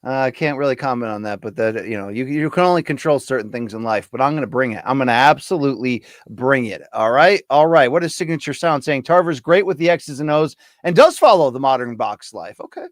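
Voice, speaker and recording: Male podcast host, animated pitch, dry close sound, casual sports chat. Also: brisk, hardly any pauses, dry recording. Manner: lively, reads audience comments aloud.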